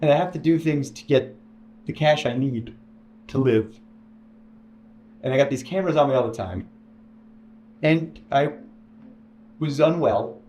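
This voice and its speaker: A man telling his own story about working as an employee, rambling and self-deprecating, quoting other people in animated voices. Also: medium pitch, measured pace, pauses often, a little hiss or hum. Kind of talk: personal storytelling in a video.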